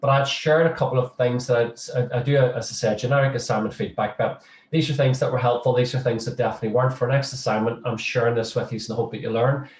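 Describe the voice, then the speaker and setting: A middle-aged social work lecturer chats humorously in a casual interview, restarting his sentences often. His medium-pitched voice is steady and quick, picked up by a distant mic in a roomy space.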